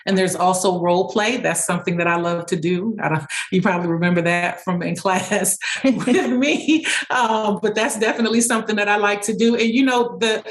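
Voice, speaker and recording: In an interview, a woman who works as a speech-language pathologist answers questions by telling stories quickly. Her voice is mid-range, and she uses fillers and restarts and acts out bits of dialogue.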